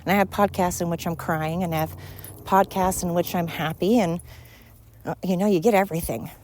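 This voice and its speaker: A woman's voice: lowish voice, fairly even intonation, a little fast, a little mellow, slight background noise. A woman hosting her podcast in a casual, earnest monologue, rambling and emphatic with many fillers, a little winded as she walks outdoors. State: slightly winded. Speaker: podcast host.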